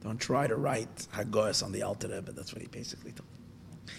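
Through a story, a man with a fairly low, gravelly voice teaches from the Torah, his speech halting and full of restarts. He asks questions only to answer them himself, over a little hiss or hum.

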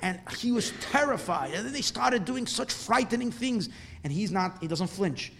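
Male religious teacher, slightly high-pitched voice, animated storyteller who builds volume through repetition. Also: normal speed, vocal fry, a little hiss or hum. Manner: animated, repetitive storytelling that swells louder at dramatic points. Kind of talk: storytelling lesson ending in a blessing.

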